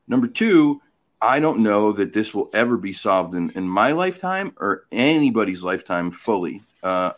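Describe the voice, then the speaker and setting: A man hosting a podcast in casual chat, talking frankly and emphatically and often pausing with fillers. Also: lowish voice, fairly bright tone. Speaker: podcast host.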